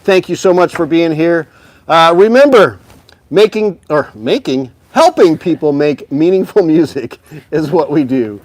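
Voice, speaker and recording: An upbeat, chatty man hosting a live stream, talking right to his viewers with a fairly high voice. The sound is close and dry, with no room around it. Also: expressive, unhurried, dry recording. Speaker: host of a live music store show. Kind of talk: casual live-stream sales chat.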